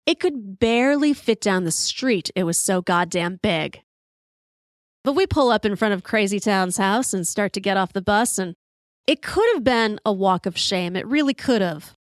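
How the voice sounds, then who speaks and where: A woman in her fifties hosting a podcast, telling a story in an animated, profane way and acting out the quotes. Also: medium pitch, dry recording, studio quality. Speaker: podcast host. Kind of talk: storytelling monologue.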